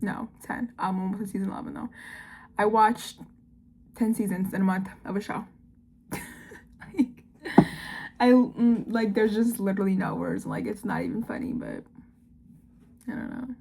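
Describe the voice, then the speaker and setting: Woman, 19, vlogger: rapid, rambling confessional chat, faint hiss behind. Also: mid-range voice, expressive, vocal fry, darkish tone. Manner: fast-talking, rambling, full of "like" and "I don't know". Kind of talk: casual confessional vlog.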